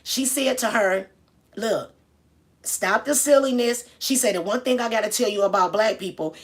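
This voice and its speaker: A woman's voice: a little high, moderate pace. A woman telling a story casually and greeting viewers as she goes. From Detroit. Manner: chatty, shouts out viewers mid-story. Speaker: vlogger.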